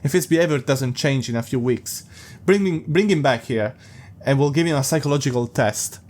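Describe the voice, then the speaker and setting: A man voicing a chipper male doctor who brushes things off in a bright, offhand way. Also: medium pitch, brisk, lightly acted. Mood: breezy.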